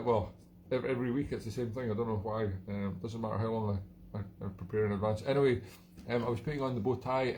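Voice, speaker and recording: A man's voice: lowish voice, mellow, a little hiss or hum. A Scottish man hosting his own live stream, chatting in a rambling, self-mocking way and often chuckling at himself. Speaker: live-stream show host. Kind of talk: casual live-stream chat.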